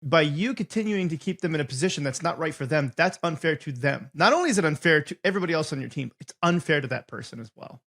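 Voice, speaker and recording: Fast, gravelly podcast host. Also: male voice, a little high, animated, fairly bright tone. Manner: quick, gravelly, restarts his questions. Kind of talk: conversational podcast interview.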